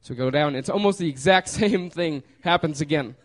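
A man's voice: a little high, brisk. A man casually telling a personal story, laughing often and trailing off with fillers.

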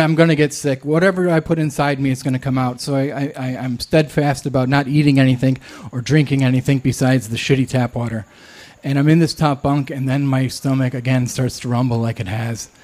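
Man, live storytelling, candid, self-deprecating, halting delivery, mid-pitched voice. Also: darkish tone.

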